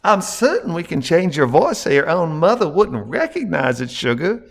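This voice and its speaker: A man reading a story, voicing a sugary Deep South belle with a put-on US Deep South drawl. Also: big pitch swings, normal speed, creaky, fairly bright tone, long reverb tail, heavily acted. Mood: coy. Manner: drawling, syrupy and coy.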